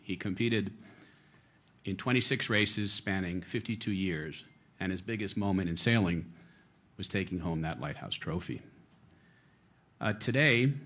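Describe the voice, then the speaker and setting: A man with a low voice gives a prepared tribute speech in honor of his late father. He speaks in a formal, measured way, choosing slightly grand words. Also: a bit bright.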